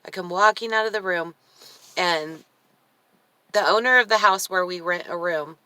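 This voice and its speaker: A woman's voice: fairly low pitch, normal speed, sharp tone. A woman vlogging in a chatty, emotional, rambling way, her throat dry and her voice cracking in and out. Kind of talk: casual personal vlog.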